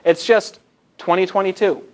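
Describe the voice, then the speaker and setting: An American motivational speaker addresses a group live in a meeting room, energetic and conversational as he draws the audience in. His voice is high-pitched and his pace moderate.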